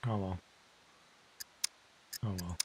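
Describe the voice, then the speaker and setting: A man's voice: low-pitched, slow pace, noisy background. Laid-back male game streamer. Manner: relaxed, chatty, trails off into mumbles. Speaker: gaming live streamer. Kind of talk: casual live-stream commentary.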